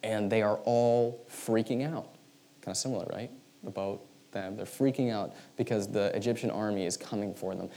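A man preaching a sermon in a casual, animated storytelling way, often acting out the voices he quotes. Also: fairly low pitch, normal speed. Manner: casual, many fillers like "like" and "right". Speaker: pastor.

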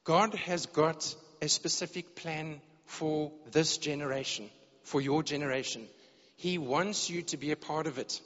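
Speaking at a measured pace, a man preaches earnestly to his congregation, repeating words now and then as he feels for the right phrasing. His voice runs a little high for a man and has a slightly bright tone. The audio is dull and lo-fi, with long reverb echoing around the church hall.

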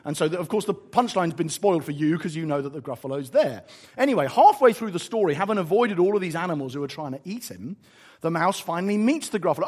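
A man preaching a sermon, telling a story in an animated, emphatic way before closing in prayer. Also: a little high, fast talker, slightly rough.

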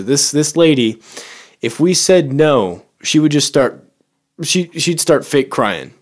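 A man's voice: medium pitch, a little slow. A man in casual chat, blunt and opinionated, often restarting his words as he talks. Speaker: podcast co-host.

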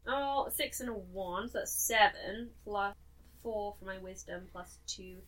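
Bright woman player, a bit off-mic. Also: mid-range voice, steady tone, a little slow, distant mic, soft background music, poor audio. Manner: emphatic, reading out spell rules. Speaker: player and editor of the show. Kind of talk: casual tabletop chat.

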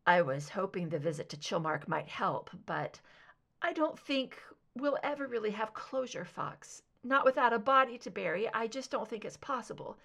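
A woman doing a soft, wistful older mother. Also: fairly high pitch, lively intonation, normal speed, vocal fry, heavily acted. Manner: soft, wistful, tired yet warm.

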